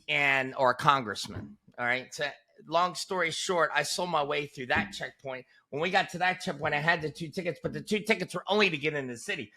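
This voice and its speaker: A man in his forties tells a story as an interview guest, with a voice that sits a bit high for a man. He sounds bright and forceful. He keeps it casual and punchy, hitting the beats with "boom.". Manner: animated, punchy storyteller who drops "boom" for emphasis.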